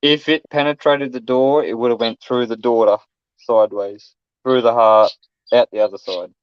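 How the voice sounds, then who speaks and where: A man's voice: mid-range voice, steady tone, moderate pace, clean tone, dry recording. Australian guy, middle-aged, blunt yarn-spinner who swears a lot; muffled dry recording. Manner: blunt, swearing, acts out quotes loudly. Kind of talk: casual chat, storytelling. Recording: dull, dry lo-fi sound.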